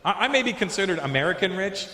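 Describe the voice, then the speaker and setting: Fast, very animated, and forceful, the man's high, bright voice carries his stand-up set through a handheld mic. He riffs with the crowd at a large comedy venue and leaps into silly put-on voices, all echoing with the long reverb of a roomy hall.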